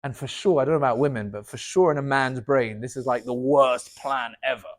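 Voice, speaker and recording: A man, a rabbi, giving an inspirational talk, swinging from loud, emphatic lines to soft, low asides. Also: a little fast.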